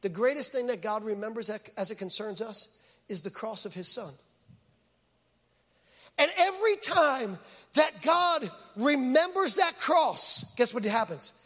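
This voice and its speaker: High-voiced emphatic preacher man. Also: lively intonation, normal speed, fairly bright tone. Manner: emphatic, repeats words for stress. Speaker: pastor. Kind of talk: sermon. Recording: long hall reverb.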